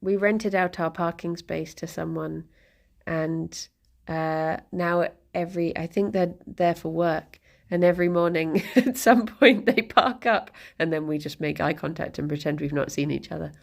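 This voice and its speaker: A woman's voice: fairly low pitch, unhurried, creaky. A young woman chatting casually on a live stream at home, rambling with lots of restarts and giggles. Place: home, sat on the floor with pet rabbits.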